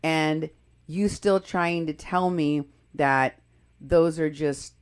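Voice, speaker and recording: Woman, show host, political commentary, emphatic, indignant, restarts sentences, somewhat low voice. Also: slow pace, clean tone. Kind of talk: political commentary on a live stream.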